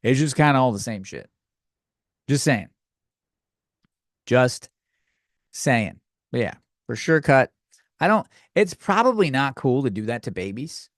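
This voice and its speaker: A man's voice: medium pitch, sing-song, moderate pace, no room sound, studio quality. An American man hosting his own podcast, ranting in a crude, rambling and self-mocking way while he answers listener questions. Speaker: podcast host. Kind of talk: casual comedic rant.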